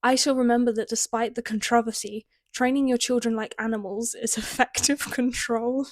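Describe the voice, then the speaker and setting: A woman's voice: a little high, steady tone, moderate pace, no room sound. A young British woman reads her teenage novel aloud, breaking in with wry, self-mocking comments. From Britain. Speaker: author reading her teen writing. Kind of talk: reading aloud with comic commentary.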